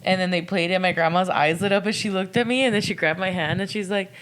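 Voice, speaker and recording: A young woman telling a story on a casual podcast, her voice sitting a little low. She leaps up into high, bright tones whenever she quotes someone. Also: steady tone, fast. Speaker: podcast co-host. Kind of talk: casual chat.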